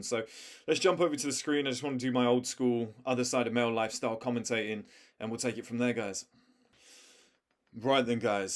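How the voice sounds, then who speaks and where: A young man talks straight to his viewers, giving life advice. His delivery is blunt and emphatic, loose and conversational, and he drops in slang and the odd swear word as he makes his points. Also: medium pitch. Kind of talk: casual direct-to-camera advice talk.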